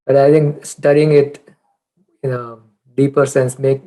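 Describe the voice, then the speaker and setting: A man's voice: mid-range voice, little pitch movement, a little slow, warm tone, rough recording. Friendly man asking a teacher questions. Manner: friendly, agreeable, laughs between words. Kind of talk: informal discussion.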